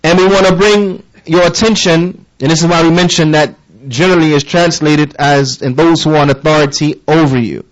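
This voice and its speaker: A man's voice: fairly high pitch, steady tone, a little fast, few pauses, poor audio. A man giving a sermon-style lesson, emphatic and repetitive, often checking in with his listeners with rhetorical questions. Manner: emphatic, repeats key phrases, asks listeners rhetorical questions. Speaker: religious teacher.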